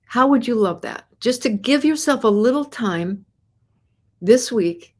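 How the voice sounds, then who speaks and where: A woman's voice: fairly high pitch, lively intonation, measured pace. A woman hosting a live podcast, talking to viewers and asking them many encouraging questions, often repeating words and restarting her phrases. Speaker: host.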